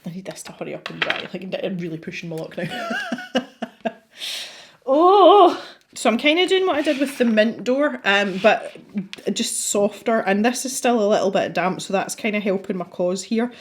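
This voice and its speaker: A woman's voice: fairly high pitch, very animated, moderate pace, slight background noise. A Scottish woman hosting a colouring channel, chatting casually and rambling with lots of fillers as she works. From Scotland. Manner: chatty and rambling, frequent fillers and self-talk. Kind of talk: casual chat while colouring.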